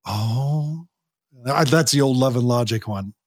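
A man's voice: mid-range voice, brisk, no echo, studio quality. A man guest on a podcast interview, talking animatedly and acting out parents and teens in quoted voices. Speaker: guest, youth program director.

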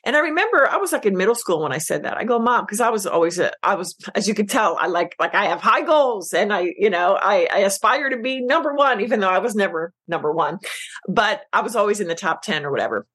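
A middle-aged woman, a business coach, telling her story as a podcast guest, emotional and animated, acting out quoted lines. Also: mid-range voice, fast, slightly rough. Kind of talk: casual interview chat.

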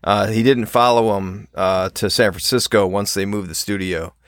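A man co-hosting a podcast, rambling in an easygoing way with halting restarts. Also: on the low side, steady tone, no room sound, clean studio sound. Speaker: podcast co-host. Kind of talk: casual podcast chat.

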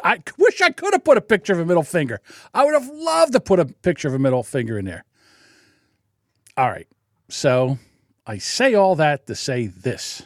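Guy ranting on his podcast, high voice, swings all over, sarcastic and mad. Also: big pitch swings, moderate pace, dry recording, clean studio sound. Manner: sarcastic, indignant, laughs often. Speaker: podcast host. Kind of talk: solo podcast livestream rant.

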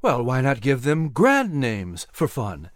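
An audiobook narrator voicing a courteous colonial courier who speaks in a sly, leisurely, gentlemanly way. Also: medium pitch, wildly swooping pitch, slow pace, no echo, clean studio sound. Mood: genial. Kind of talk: audiobook character voice.

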